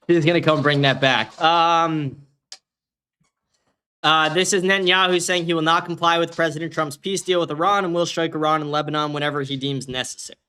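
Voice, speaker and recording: Bright-voiced man ranting on a livestream. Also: a little high, steady tone, moderate pace, clear, resonant tone. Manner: profane, combative ranting. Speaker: livestream host. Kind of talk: casual livestream rant.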